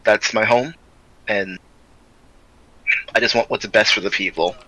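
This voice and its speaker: Man playing a bright-voiced stoic soldier. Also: lowish voice, fairly even intonation, low-quality recording. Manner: halting, searching for names, clears throat often. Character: steadfast stoic young male soldier. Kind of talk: in-character tabletop role-play.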